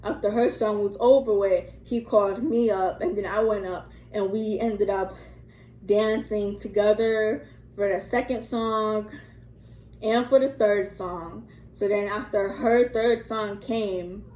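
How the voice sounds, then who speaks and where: A woman's voice: mid-range voice, fairly even intonation, takes it slowly, a little mellow. A young woman telling a casual storytime vlog into her phone, rambling and chatty with lots of fillers and the odd curse word. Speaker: vlogger. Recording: echoey room, faint ambience.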